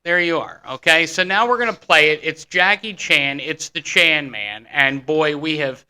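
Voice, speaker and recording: A man hosting a casual radio talk show, excitable and rambling with many restarts. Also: a little high, moderate pace, smooth.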